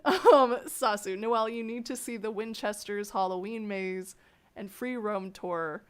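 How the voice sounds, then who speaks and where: A woman hosting an interview, telling rambling anecdotes in a casual, animated way and laughing often. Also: medium pitch, a little slow, clean tone. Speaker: host interviewing a fellow scare actor. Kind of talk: casual storytelling chat.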